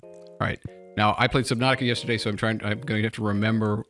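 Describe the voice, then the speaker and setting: A man co-hosting a live-streamed game, chatty and technical with jokes. His voice is low and gravelly. Faint game music plays behind him. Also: flat delivery, fast, a bit bright. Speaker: streamer co-host.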